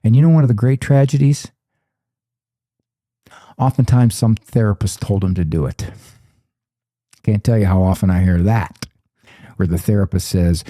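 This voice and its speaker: Older man, mellow animated storyteller. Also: fairly low pitch, normal speed, pauses often, no echo, studio quality. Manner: animated storyteller who acts out quoted voices. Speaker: guest psychologist. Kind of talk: conversational interview.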